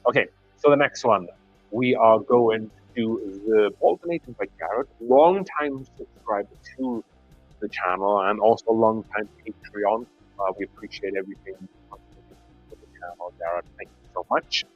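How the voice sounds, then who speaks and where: A man's voice: fairly low pitch, moderate pace, breathy edge, no echo, lo-fi sound, faint music behind. Easygoing Welsh man hosting a livestream. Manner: easygoing, chatty, thanks viewers by name. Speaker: whiskey channel host. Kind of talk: casual livestream chat. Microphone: clip-on mic on his shirt.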